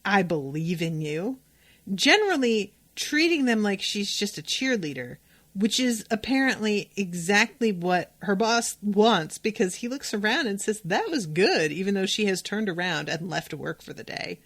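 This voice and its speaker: A woman's voice: mid-range voice, expressive, normal speed, a bit bright. A woman hosting a podcast, recapping an episode in a chatty, opinionated way and sometimes talking straight to the characters. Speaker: podcast host.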